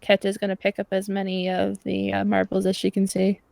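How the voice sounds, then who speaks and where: A woman with a gravelly voice, playing in a tabletop game and stating her character's moves briefly and directly. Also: mid-range voice, monotone, fairly quick, a little mellow, no room sound. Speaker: player.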